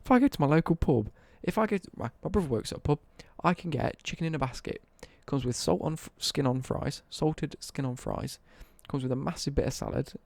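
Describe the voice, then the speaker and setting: A man's voice: on the high side, lively intonation, quick pace, vocal fry, hardly any pauses, darkish tone, no echo. A young British man ranting on a casual live stream, sweary and worked up.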